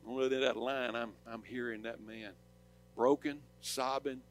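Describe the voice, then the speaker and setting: A male pastor with a Southern drawl delivers a fervent sermon. His voice climbs into loud, ringing exhortation, then falls to a hushed, intimate telling. Mid-pitched and earnest throughout. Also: steady tone, moderate pace, soft background music. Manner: impassioned, swings from loud preaching to soft storytelling.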